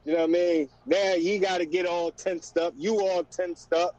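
High-voiced man with mellow relaxed tone. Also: normal speed, dry recording. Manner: relaxed, repeats "you know what I mean". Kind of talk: casual chat. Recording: dry, dull lo-fi sound.

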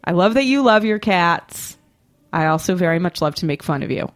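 A woman's voice: lowish voice, lively intonation, normal speed, faint music behind. A woman hosting a podcast with playful, teasing chatter. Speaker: podcast host. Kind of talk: casual podcast chat.

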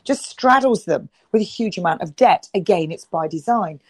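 A woman's voice: lowish voice, lively intonation, normal speed, no echo, rough recording. A middle-aged woman talking as an interview guest, emphatic and repeating herself as she restarts her sentences. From United Kingdom. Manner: emphatic, many restarts and repetitions. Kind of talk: impassioned interview talk.

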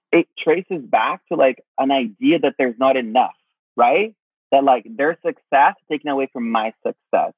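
A man's voice: a little high, slightly rough, no room sound. A man giving casual spiritual advice, swearing freely and calling the listener honey. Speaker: spiritual teacher. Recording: tinny phone-like sound.

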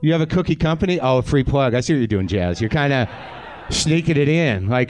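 On a theatre stage, a man in his forties hosts a live comedy podcast in an animated, fairly quick mid-range voice. He jokes back and forth with the audience, sardonic and full of profanity, like stand-up banter.

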